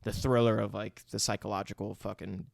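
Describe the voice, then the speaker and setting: A man's voice: on the low side, little pitch movement, fairly quick, creaky, no room sound, studio quality. A man co-hosting a podcast, chatting casually and profanely about a film, laughing easily. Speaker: podcast co-host. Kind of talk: casual movie chat.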